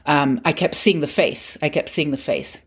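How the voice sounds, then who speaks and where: A woman's voice: low voice, moderate pace, husky. A middle-aged woman hosting a podcast and telling a personal story in a candid, conversational, self-mocking way. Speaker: podcast host.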